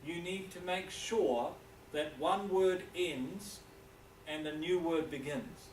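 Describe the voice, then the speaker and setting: A male lecturer with a New Zealand accent talks slowly and deliberately in a slightly high voice. He checks in with his listeners again and again. The recording comes from a distant mic in an echoey room, with faint background hiss. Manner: deliberate, checks in with frequent "okay?". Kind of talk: classroom lecture.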